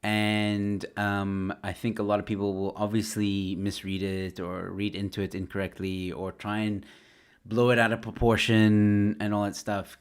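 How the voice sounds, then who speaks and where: A man, a stand-up comedian, chatting casually on a home livestream, rambling with lots of fillers and restarts. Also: fairly low pitch. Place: his home. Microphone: webcam or desk mic at home.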